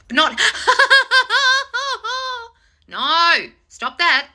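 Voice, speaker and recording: Her voice sits high and she speaks slowly, yet this manifestation coach is blunt and sweary on her live stream. Answering viewer comments directly, she teases, stays animated, and often does mocking impressions.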